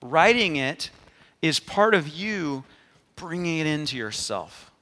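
A man's voice: on the high side, big pitch swings, slow pace, bright, forceful tone, big-room sound. A man preaching a sermon, emphatic, often turning to the congregation with a questioning 'amen?'. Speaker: pastor.

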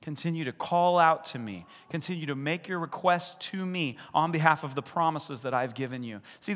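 A man preaching a sermon as pastor, animated, acting out the voices in the stories he retells. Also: fairly high pitch. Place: church sanctuary. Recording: long reverb of a large hall.

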